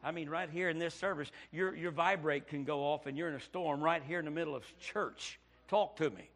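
A Baptist pastor from Indiana tells a story while preaching a sermon, moving from hushed passages to near shouting. His male voice is a little high, steady in tone and slightly fast.

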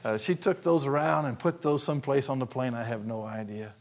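An older man from Arkansas preaching a sermon, telling folksy stories and acting out the scenes with animated delivery. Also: mid-range voice, a little fast, creaky. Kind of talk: sermon storytelling.

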